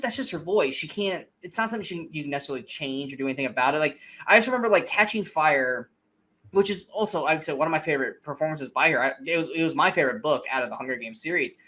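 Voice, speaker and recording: A man's voice: a little high, bright, forceful tone. A young man co-hosting a podcast, giving blunt, swear-heavy opinions about movies in casual chat. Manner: blunt, profane, emphatic opinions. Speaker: podcast co-host. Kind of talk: casual film discussion.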